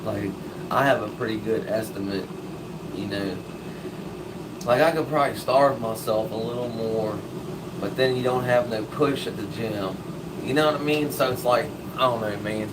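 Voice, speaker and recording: A man's voice: on the low side, normal speed, recorded from a distance, very noisy. A man hosting a live stream in casual chat, laid-back and slangy, swearing freely.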